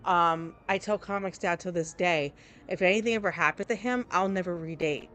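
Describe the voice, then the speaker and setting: A woman's voice: lowish voice, moderate pace, fairly bright tone, a little hiss or hum. Rambling New woman streaming a game. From New Jersey. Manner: rambling and candid, restarts often. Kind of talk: casual live-stream chat.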